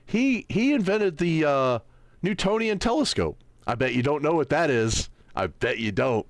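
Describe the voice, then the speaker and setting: A man with a somewhat high voice gives slow, sarcastic livestream commentary, his pitch swinging widely as he mocks and quizzes an unseen audience. The sound is dry and close, with no room around it. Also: animated, no room sound. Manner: sarcastic, mocking, keeps asking "right?"; squints at small text, reads aloud haltingly. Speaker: livestream host. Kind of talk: livestream commentary while browsing.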